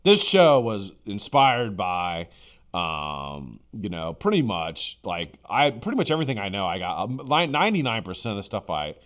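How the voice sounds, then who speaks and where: Low-voiced, blunt, rambling man. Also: wildly swooping pitch, normal speed, a bit bright. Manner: rambling, blunt, with frequent fillers and swearing. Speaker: livestream host. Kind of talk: casual live-stream chat.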